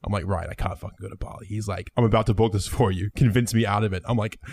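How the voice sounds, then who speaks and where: A man's voice: lowish voice, steady tone, quick pace, creaky, darkish tone, no room sound. A young man hosting a casual podcast with friends, telling a story with lots of swearing and laughter. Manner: swears a lot, laughs while telling stories. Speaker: podcast host.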